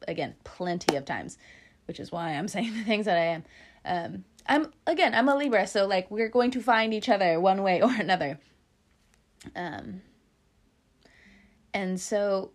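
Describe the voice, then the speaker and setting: A woman giving a casual tarot reading, chatty and playful, laughing often and swearing now and then. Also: on the low side. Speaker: tarot reader.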